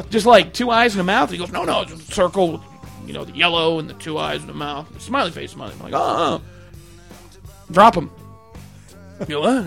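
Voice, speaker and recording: A man's voice: high voice, creaky, pushed and bright. A man hosting a podcast, telling a crude story in casual chat, laughing often and mimicking his family. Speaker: podcast host.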